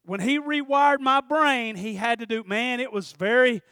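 A man's voice: very high voice, moderate pace, bright, forceful tone, clean tone, no echo, studio quality. A man preaching a sermon, folksy and fiery, often calling out "Amen?" to the congregation.

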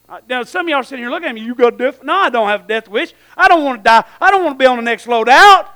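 A man preaching a sermon in a folksy, animated way, often calling out amen and breaking into shouts at high points. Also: rapid-fire, few pauses, smooth.

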